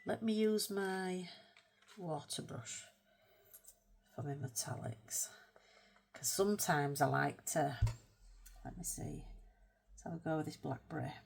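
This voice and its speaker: A woman with a low voice and an unhurried pace chats her way through a colour-with-me painting session. She rambles, pokes fun at herself and drops to a soft murmur as she works the brush. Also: gravelly, a little hiss or hum. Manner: chatty, rambling, self-mocking. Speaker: art channel host. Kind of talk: casual colour-with-me chat.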